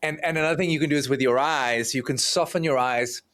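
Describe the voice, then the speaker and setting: A man as a podcast guest, explaining relationship repair calmly and acting out example lines between partners. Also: mid-range voice, fast. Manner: calm, explanatory, acts out example dialogue.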